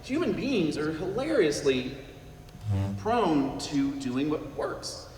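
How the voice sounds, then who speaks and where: Man, higher voice, lively, joking guest speaker, distant echoey hall. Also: slight background noise. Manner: animated, joking, acts out quick voices. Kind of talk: luncheon talk on listening skills. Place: event hall at a luncheon.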